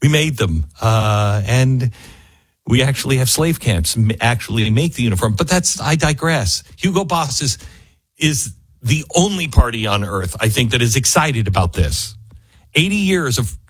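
A man delivers casual political commentary, drifting into sardonic asides as he goes. His voice has a husky, slightly breathy grain. The sound is dry and close, with no room around it. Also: mid-range voice, lively intonation, moderate pace, dry recording.

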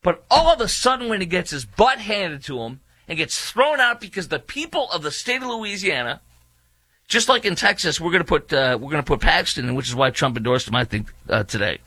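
A man's voice: on the high side, expressive, a little fast, bright, forceful tone, no echo. A man hosting opinionated political commentary, reading quotes aloud and rebutting them with mocking indignation.

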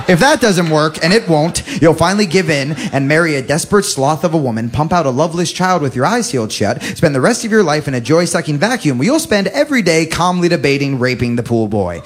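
A man's voice: fairly high pitch, big pitch swings, fairly quick, hardly any pauses, husky. A man performing a stand-up comedy set on a club stage, sliding into mock-preachy impressions. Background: audience laughter.

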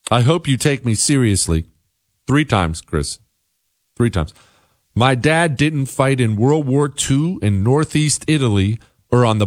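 A male radio talk show host reading listener email aloud, with wry, sarcastic asides and lively commentary. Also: medium pitch, no room sound, clean studio sound.

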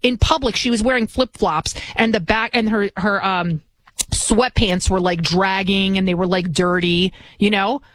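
A woman's voice: mid-range voice, steady tone, a little slow, a bit bright. Indignant woman ranting on talk radio. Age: 40s.

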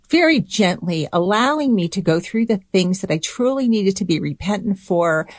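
A woman's voice: medium pitch, no echo, clean studio sound. A middle-aged woman, a spiritual director, telling a personal story in a conversation, reflective and laughing often.

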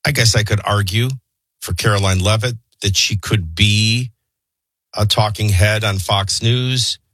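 A man's voice: fairly low pitch, steady tone, measured pace, fairly bright tone, dry recording, clean studio sound. A middle-aged man hosting a morning talk radio show, delivering opinionated news commentary in a conversational way with many fillers. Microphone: studio microphone.

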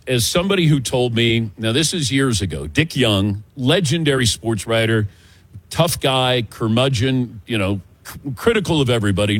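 A man's voice: mid-range voice, slightly rough, no echo. A man hosting a sports talk show, telling stories in casual banter and acting out other voices. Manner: lively storytelling, acts out voices. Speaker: radio show host.

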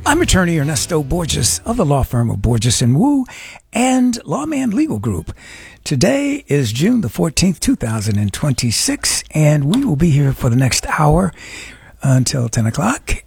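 An older man hosting a radio show with a raspy voice, talking casually and rambling with chuckles and fillers. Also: a little high, very animated, unhurried, darkish tone, soft background music. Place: radio studio.

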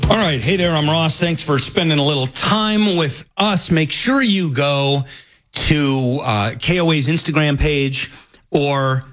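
A man's voice: a little high, a little slow, fairly bright tone, soft background music. A man hosting talk radio, opinionated and thinking aloud with frequent restarts. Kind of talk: casual talk radio monologue.

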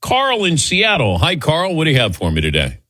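A man's voice: on the high side, huge pitch swings, normal speed, pushed and bright, dry recording. An older man hosting a call-in sports show, his voice rising and falling a lot as he chats and chuckles. He sounds close and dry, with no room around him. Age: 60s. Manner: chatty, laughs often, takes calls. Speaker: sports radio host. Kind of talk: casual call-in radio chat.

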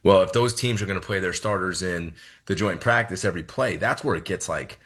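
A man's voice: sits low, fairly quick, fairly bright tone, husky. A middle-aged man, a head football coach, answering questions in an earnest, friendly way. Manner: earnest, friendly, repeats words. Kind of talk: casual interview chat.

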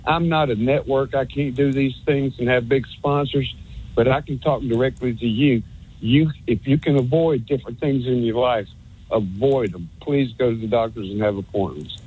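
A man's voice: mid-range voice, normal speed, breathy edge, phone-quality sound. A man calling in to a sports talk show, rambling in a folksy, sarcastic way and stumbling over repeated words. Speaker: caller. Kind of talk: rambling call-in rant.

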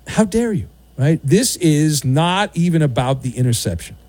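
A man's voice: on the high side, normal speed, no echo. A man hosting a sports radio show, delivering a sarcastic, opinionated monologue with mocking asides. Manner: sarcastic, animated, mocking voices.

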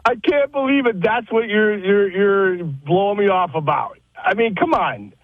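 A man's voice: high-pitched, expressive, normal speed, dry recording. Defensive man on a dull phone line. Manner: laughing, defensive and teasing. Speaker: caller. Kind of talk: phone call on a radio show.

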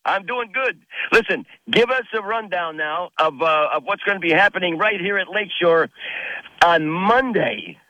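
A man hosting a radio talk show, his voice bright and forward with a slightly high pitch. He talks in a halting, casual way full of fillers and restarts. The sound is dry, dull and lo-fi, like a radio broadcast. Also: no echo.

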